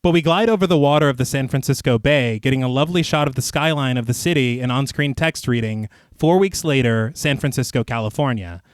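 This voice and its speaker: A man's voice: mid-range voice, a little fast, hardly any pauses, clean tone, no echo, studio quality. A man co-hosting a podcast, recapping a film scene by scene and adding chatty asides, laughing often.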